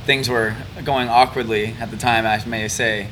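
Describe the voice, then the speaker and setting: Young man, podcast guest, mid-pitched, laid-back, rambling, room noise behind. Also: flat delivery, normal speed, fairly bright tone, poor audio. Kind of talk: casual chat, storytelling. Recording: noticeable room ambience.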